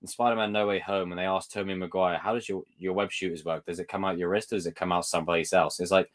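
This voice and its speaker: A man's voice: low voice, fairly even intonation, fast talker, few pauses. A young man hosting a live stream, chatting casually about movies in a rambling way and acting out scenes in exaggerated voices.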